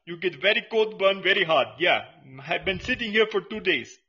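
A man playing a stingy, gruff shop clerk. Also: high-pitched, lively intonation, moderate pace, bright, forceful tone, pitched above the performer's own voice. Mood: scolding. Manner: gruff, clipped broken English, bossy. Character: stingy male corner-store clerk, broken English, grumpy. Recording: slightly muffled lo-fi audio.

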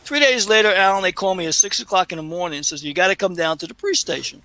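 A man's voice: high-pitched, quick pace, bright, forceful tone, no echo, poor audio. A man co-hosting a casual chat show, telling a long rambling story with laughs and many fillers. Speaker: co-host.

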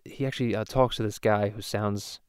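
Man doing a foul-mouthed cartoon baby, casual parody podcast, lowish voice, dry sound. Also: fairly even intonation, brisk, a little mellow, clean tone, no room sound, close to an everyday voice. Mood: rambling. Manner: rambling storyteller, swears a lot, many restarts. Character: parody of a cartoon baby boy, rambling and crude. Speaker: podcast host.

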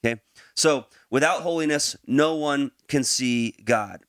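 A man hosting a podcast, moving from relaxed chat into a Bible teaching, laughing easily and using many fillers and restarts. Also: mid-range voice, unhurried, dry recording, studio quality.

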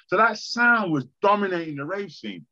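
A man tells old war stories from his music days as a podcast guest. He is animated and blunt, swears freely and slips into the voices of people he talks about. The sound is dry and a little dull, with no room around it. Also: sits high, normal speed, dry recording. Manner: lively storyteller, swears freely, acts out conversations. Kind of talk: animated storytelling interview.

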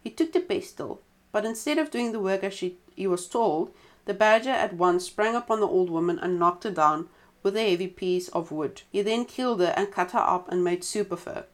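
A woman reading a folk tale aloud in a relaxed way, stopping now and then for chatty side comments. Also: mid-range voice, normal speed. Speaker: storyteller.

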